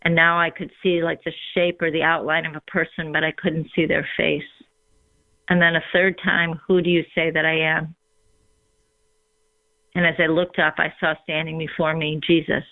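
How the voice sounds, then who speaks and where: Woman with gravelly fry on a phone line. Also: sits low, level tone, no room sound. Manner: reflective, unhurried, with frequent ums. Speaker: guest sharing her faith story. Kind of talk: personal testimony in conversation.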